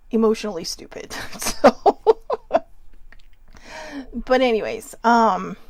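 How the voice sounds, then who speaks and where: A woman hosts a personal self-help talk, her voice tearful and on the edge of crying. She speaks haltingly, apologizes often and breaks into nervous laughs, pitched in a middle range. The recording is dry and close. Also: a little mellow, dry recording. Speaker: host.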